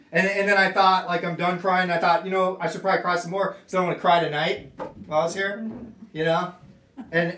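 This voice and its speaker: A man's voice: a little high, fairly bright tone, reverberant, recorded from a distance, a little hiss or hum. A man preaching a sermon in an earnest way, often repeating and restarting his words. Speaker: pastor. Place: church gathering room.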